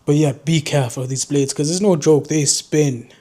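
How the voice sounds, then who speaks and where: A man's voice: a little high, steady tone, normal speed, mellow. A young man from the North East of England, with a Geordie accent that drifts toward southern English, chats unscripted to camera as a drone vlogger, rambling and poking fun at himself. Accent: Geordie mixed with southern English. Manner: rambling, loose, self-mocking. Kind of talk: casual unscripted chat to camera.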